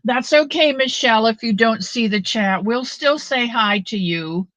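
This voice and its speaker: Woman livestream host, slow rambling chat, dry close sound. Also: fairly high pitch, a bit bright, no echo, rough recording. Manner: rambling, chatty, many fillers, greets viewers by name.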